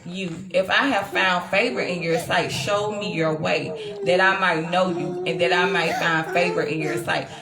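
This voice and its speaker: A woman teaching from the Bible, reading scripture with heavy emphasis that swells into loud, high outbursts. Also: fairly even intonation, a little slow. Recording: echoey room with crowd noise.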